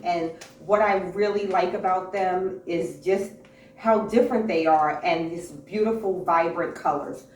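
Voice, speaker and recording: A woman hosting a casual fashion haul vlog, talking enthusiastically to camera with a few fillers and repeats, in an indoor room with a clothing rack. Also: fairly low pitch. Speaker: fashion vlogger, channel host. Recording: roomy echo, distant mic, faint hiss.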